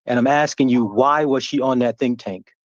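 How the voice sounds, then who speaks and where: A man's voice: medium pitch, moderate pace, dry recording, dull audio. A man calling in to put a pointed question to a guest.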